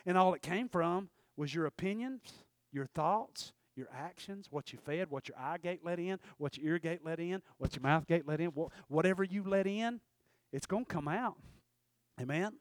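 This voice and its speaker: A man's voice: fairly high pitch, moderate pace, dry recording, studio quality. A man preaching a sermon, folksy and fiery, often calling out "Amen?" to the congregation.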